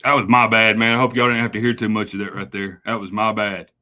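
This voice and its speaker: A man hosts a call-in livestream and chats casually between callers. His voice is bright and forward, and his banter stays loose and easygoing. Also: on the low side, level tone, quick pace. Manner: loose, laid-back banter. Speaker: host taking phone calls on a livestream.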